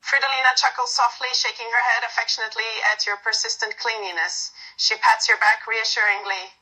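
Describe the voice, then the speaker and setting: A woman narrating a second-person romantic story in a soft, unhurried reading with small slips. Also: fairly high pitch, flat delivery, rough recording.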